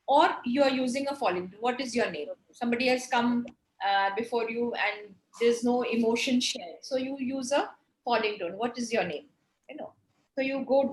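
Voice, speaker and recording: High-voiced woman lecturing in an echoey room. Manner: explanatory, many fillers and restarts. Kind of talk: online lecture with Q&A.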